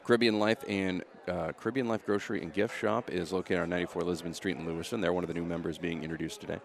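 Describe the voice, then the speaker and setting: Radio host, fast-talking gravelly low voice. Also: male voice, steady tone. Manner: brisk, upbeat announcer patter. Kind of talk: live radio remote broadcast.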